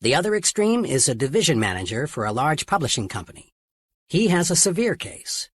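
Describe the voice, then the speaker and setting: A man reading a self-help audiobook in a steady, earnest narration. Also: fairly high pitch, a little fast, breathy edge, dry recording.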